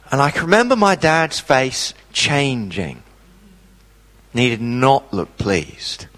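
A man preaching a sermon, telling a personal story with dramatic pauses. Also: medium pitch, wildly swooping pitch, a bit bright, long reverb tail.

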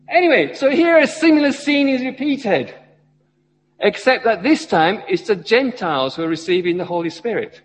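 Lively-voiced man preaching in a church. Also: sits high, normal speed, long reverb tail, a little hiss or hum, low-quality recording. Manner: asks the congregation questions, rising and falling emphasis. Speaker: lay preacher. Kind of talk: sermon.

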